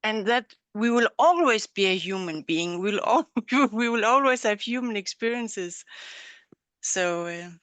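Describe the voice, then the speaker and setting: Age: adult. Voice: bright, smooth, slow, dry. Role: woman host. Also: medium pitch, animated, dry recording. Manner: slow, hesitant, apologetic restarts. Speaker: webinar host. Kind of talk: conversational interview. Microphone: video call.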